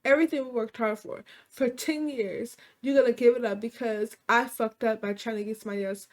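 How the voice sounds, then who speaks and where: A woman's voice: on the high side, steady tone, a little fast, natural voice. A woman quoting a cheating husband in her own storytelling voice, pleading and shifting blame. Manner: pleading then blaming.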